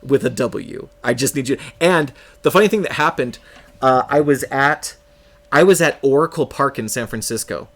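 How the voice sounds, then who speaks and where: Casual male game streamer from California, mid-pitched, who rambles through anecdotes and often laughs at his own jokes. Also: moderate pace. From California, United States. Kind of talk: casual storytelling chat on a live stream.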